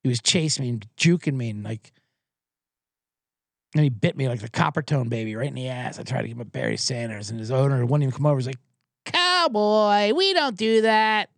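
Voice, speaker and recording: A man's voice: medium pitch, quick pace, gravelly, no room sound, studio quality. A man hosting a sports show, rambling through a casual, profane monologue. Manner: rambling and profane, with animated impressions.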